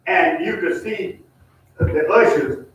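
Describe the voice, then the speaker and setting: In a church, a man with a high-pitched voice leads a Bible study, taking his time as he tells stories in a folksy way straight to the group, even mimicking hollering. The recording is echoey, distant and dull, with a little hiss or hum.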